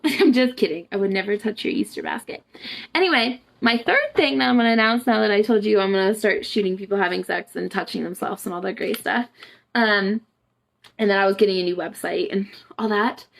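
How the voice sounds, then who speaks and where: A young woman from the United States hosts a live stream, talking loosely and laughing as she goes. Her voice has a gravelly fry and sits at a mid pitch. She swears freely and jumps up higher whenever she acts out what someone said. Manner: chatty and profane, laughing often, acting out quotes in a higher voice. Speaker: boudoir photographer hosting a live stream. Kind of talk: casual livestream chat.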